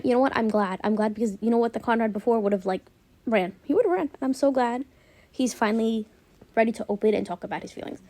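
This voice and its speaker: A young woman chatting casually as a vlogger, gushing and animated as she recaps a show. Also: fairly high pitch. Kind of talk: casual chat.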